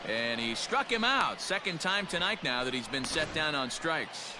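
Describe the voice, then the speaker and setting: A man as a lively baseball play-by-play caller. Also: fairly high pitch, noisy background, natural voice. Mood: brisk. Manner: brisk, lively play calling. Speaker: play-by-play announcer. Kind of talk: baseball commentary.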